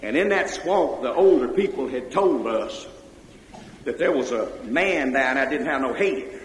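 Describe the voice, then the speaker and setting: A man with a Mississippi Southern accent telling comic stories on a live stage, loud and animated, yelling for effect. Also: mid-range voice, measured pace. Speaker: comedian storyteller. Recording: echoey hall, faint noise.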